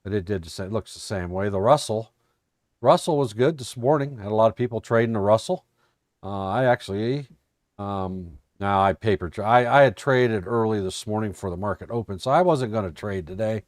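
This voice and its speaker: A man's voice: fairly low pitch, brisk, dry recording, clean studio sound. An American man giving a casual, folksy live-stream recap of his trading day, joking and thinking aloud as he looks over charts. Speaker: trading educator.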